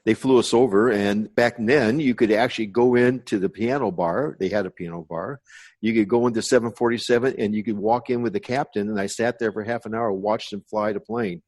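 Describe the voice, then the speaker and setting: A man in his sixties from the United States speaks with a lowish voice. He talks in a relaxed, rambling way as a podcast guest, wandering from one memory to the next. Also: fairly quick. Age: 60s. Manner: rambling reminiscing storyteller. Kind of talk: casual interview.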